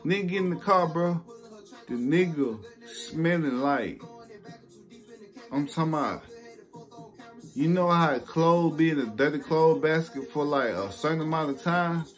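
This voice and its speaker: Young male vlogger, raised pitch, animated and profane storytelling over faint background music. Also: measured pace, long pauses. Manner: animated, profane, acts out quotes. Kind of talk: casual storytelling.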